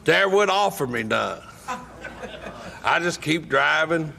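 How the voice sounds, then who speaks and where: A man telling a wry, deadpan story from his own life at a recovery meeting. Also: fairly high pitch, slow pace, vocal fry, crowd noise. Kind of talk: humorous personal storytelling.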